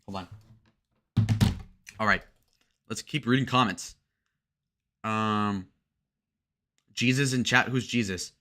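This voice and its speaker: A man hosting a livestream, reading chat messages aloud and joking crudely, with sudden loud shout-outs. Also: on the low side, takes it slowly, long pauses, noisy background. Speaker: livestream host.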